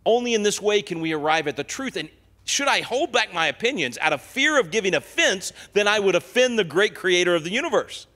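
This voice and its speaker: A man preaching an impassioned sermon in a church, swinging from quiet asides to loud declarations. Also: sits high, sing-song, fairly quick, in a large hall. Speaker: guest speaker. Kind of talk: fiery sermon. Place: church sanctuary.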